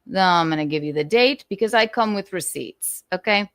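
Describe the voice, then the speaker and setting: A woman's voice: fairly low pitch, animated, moderate pace, a bit bright, dry recording, studio quality. A woman hosting her talk show, speaking in a profane, defensive and emphatic way. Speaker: show host. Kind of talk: casual talk-show commentary.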